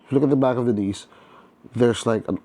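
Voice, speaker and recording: Guy doing a toy unboxing vlog, chatty and excited, talks to the viewers, mid-pitched voice. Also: fast talker. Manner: chatty, enthusiastic, talks to viewers with many restarts. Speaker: toy reviewer. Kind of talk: casual unboxing review.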